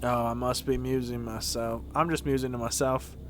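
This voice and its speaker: A man's voice: medium pitch, flat delivery, normal speed, pitched below the performer's own voice, close to an everyday voice. A worn-out security guard from a video game, sardonic and full of self-pity as he muses on his lot, as a man reads him aloud. His voice has a faint hiss under it. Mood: weary. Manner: sardonic, musing, self-pitying. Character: weary, wry locked-up male security guard. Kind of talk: reading game dialogue aloud.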